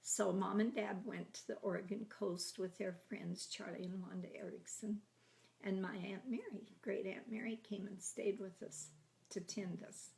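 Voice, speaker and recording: Chatty grandmother in her eighties, gravelly. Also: medium pitch, fairly even intonation, moderate pace. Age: 80s. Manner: chatty, laughing, drifting into soft half-whispers. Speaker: grandmother telling her life story. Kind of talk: casual oral history reminiscing.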